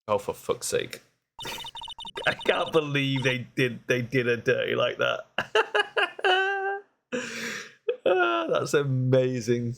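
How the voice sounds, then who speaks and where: A man's voice: medium pitch, very animated, takes it slowly, creaky, background noise. A man giving casual, self-deprecating commentary while streaming a game.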